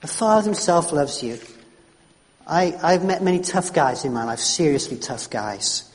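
A man's voice: a little high, expressive, moderate pace, big-room sound. A man preaching a sermon, chatty and storytelling, often repeating words as he restarts.

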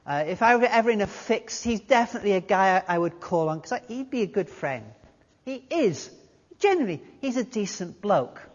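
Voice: medium pitch, big pitch swings, fairly quick. A middle-aged preacher delivers a chatty sermon, often breaking off and restarting phrases. The sound is dull and lo-fi. A long reverb trails behind the voice, as in a church hall. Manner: conversational preaching, restarts, quotes read aloud.

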